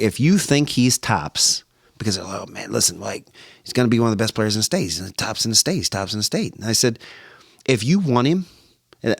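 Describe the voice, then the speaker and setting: In a laid-back podcast conversation, a male ex-football player animatedly recounts stories, playing both parties in his phone calls and constantly restarting and saying "like." The voice is on the low side, and the studio sound is clean and dry.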